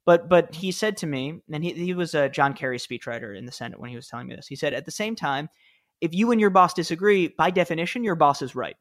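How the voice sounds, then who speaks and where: A man in his thirties, a guest author and former speechwriter, telling anecdotes in an animated, self-deprecating way with quick restarts. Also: a little high. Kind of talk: conversational interview storytelling.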